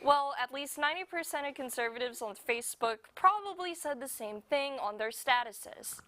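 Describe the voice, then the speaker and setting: A woman's voice: high voice, expressive, normal speed, pushed and bright. A woman hosting a satirical news segment, sarcastic with giggles between jokes. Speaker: comedy news host.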